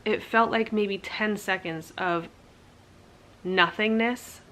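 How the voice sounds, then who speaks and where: A woman's voice: medium pitch, fairly even intonation, takes it slowly, a bit bright. A young woman casually telling her birth story to camera, candid and chatty, full of "like" fillers and self-mocking laughs.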